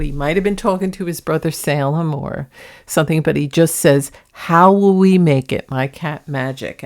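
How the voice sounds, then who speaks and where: Chatty woman with a lowish voice. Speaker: paranormal vlogger. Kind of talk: casual narration introducing clips.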